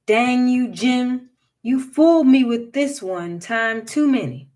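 Woman voicing a loud, scornful slave owner man. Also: medium pitch, lively intonation, takes it slowly. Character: gruff, threatening male plantation slave owner.

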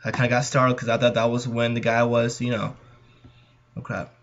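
The voice is a young man's, mid-range, flat and fairly quick, with a Californian accent. He hosts a gaming channel and nervously addresses viewers in a jittery, chatty way during a horror playthrough, over a dull lo-fi mic.

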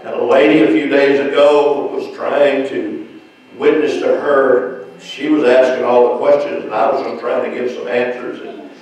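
A man preaching at a Bible study, telling stories slowly and acting out what people said. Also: medium pitch, steady tone, a little mellow. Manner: slow storytelling with acted-out quotes. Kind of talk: church Bible study teaching. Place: church sanctuary. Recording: echoey church from far off.

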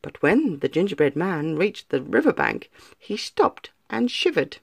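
A woman reading a children's story aloud in an expressive, lively way. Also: fairly low pitch, unhurried, creaky, husky, dry recording.

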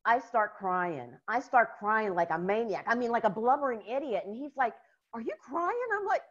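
An American woman, a guest in a casual interview, telling stories in an animated way and laughing often. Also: on the high side, moderate pace, muffled recording. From United States.

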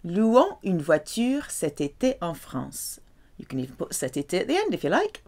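A woman teaching French, carefully saying each example and explaining its meaning. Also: fairly low pitch. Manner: slow, careful, lively delivery with drawn-out French examples. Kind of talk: language lesson.

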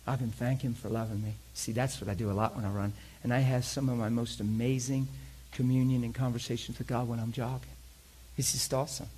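A middle-aged man preaching, telling a story with lots of laughter and animated energy. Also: medium pitch, fairly quick, slightly rough. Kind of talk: sermon storytelling.

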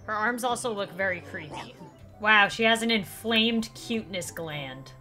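A young woman giving casual gameplay commentary, excitable, with quick exclamations and laughter. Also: medium pitch, over music. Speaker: gaming YouTuber.

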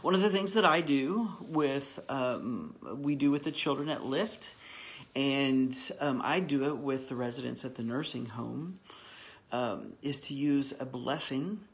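Man, pastor, gravelly voice, earnest and encouraging, halting delivery, online Bible study teaching. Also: medium pitch. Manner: halting with frequent restarts.

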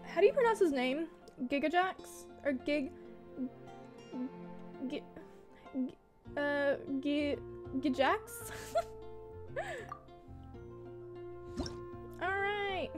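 High-voiced young woman chatting while gaming. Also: expressive, extremely slow, long pauses, soft background music. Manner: chatty, talks to herself, swears when losing. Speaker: streamer. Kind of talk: casual gaming livestream chat. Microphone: desk mic, wearing headphones.

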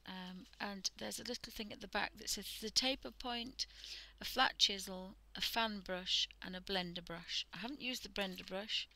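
Her voice is mid-range and creaky, moving at a normal speed with few pauses, and the recording is rough. She's a British woman hosting a live art stream, casually demonstrating drawing in a soft, often half-whispered, filler-heavy chat.

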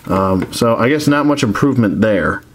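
A man's voice: lowish voice, lively intonation, normal speed, a little hiss or hum. A man casually reviewing action figures, rambling with many restarts and frank complaints.

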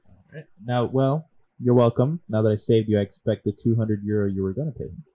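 A man playing a tabletop game who talks in a calm, deadpan way, often in character. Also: lowish voice, a little fast, highs cut off. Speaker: player.

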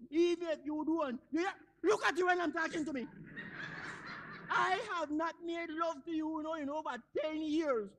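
An actor, playing a frustrated, hot-tempered old husband in a stage comedy. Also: male voice, very high-pitched, fairly bright tone. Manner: wheedling, then blustering.

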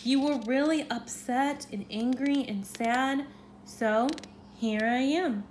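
A woman's voice: high-pitched, slow, slight background noise, voice pushed up. A woman voicing a cheerful, gloopy mood creature in a storybook read-aloud, speaking in a chirpy, bouncy way.

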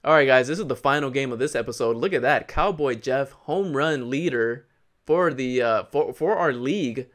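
Young male gaming host, average-pitched voice, playful trash talk over his ballgame, breaks into rapid repeated cheers. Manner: hyped, jokey, trash-talks the game characters; repeats words in excited bursts. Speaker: gaming YouTuber. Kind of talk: live gameplay commentary.

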